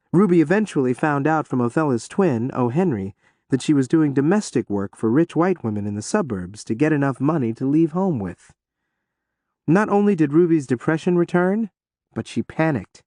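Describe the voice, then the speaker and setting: A man narrating an audiobook in an expressive storytelling manner. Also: fairly high pitch, no echo, studio quality.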